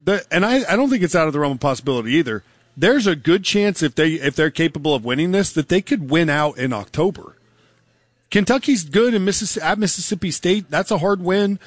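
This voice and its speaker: A man hosting a live sports talk radio show, giving quick, opinionated game analysis. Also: fairly high pitch, expressive, no room sound. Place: live remote broadcast at a car dealership.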